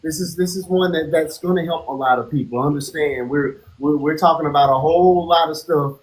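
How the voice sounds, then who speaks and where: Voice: mid-range voice, fairly quick, poor audio. This is the host of a live-streamed interview, asking questions and addressing the audience in a mid-range voice. The host talks in a hesitant way, stammering and repeating words before getting them out.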